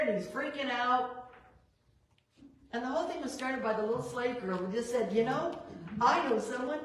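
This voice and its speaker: A woman leading a Bible study, reading verses and acting out the characters' lines with lively emphasis. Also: on the high side, normal speed, pauses often, a little hiss or hum. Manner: expressive, acts out biblical characters in quoted dialogue. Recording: roomy echo, voice a bit far from the mic.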